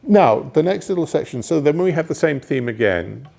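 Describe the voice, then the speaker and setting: Gravelly man coaching a cellist. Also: a little high, animated, normal speed, darkish tone. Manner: encouraging, sings phrases to demonstrate. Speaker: cello teacher. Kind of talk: masterclass coaching. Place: music school hall. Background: cello playing.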